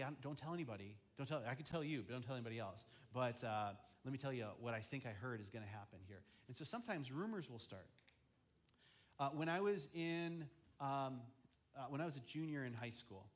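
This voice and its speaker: A young man preaching as a student ministry pastor, chatty, often acting out quoted voices. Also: mid-range voice. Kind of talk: youth sermon.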